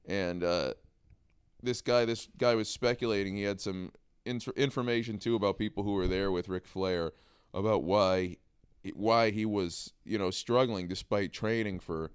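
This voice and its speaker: A man's voice: lowish voice, moderate pace, clean tone, dry recording, clean studio sound. A man co-hosting a casual podcast chat, blunt and opinionated, laughing often. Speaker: podcast co-host.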